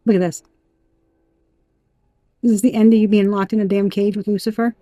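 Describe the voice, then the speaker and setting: A woman giving a tarot reading in an emphatic, animated way, talking straight to the viewer and swearing now and then. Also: mid-range voice, normal speed, dry recording. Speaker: tarot reader.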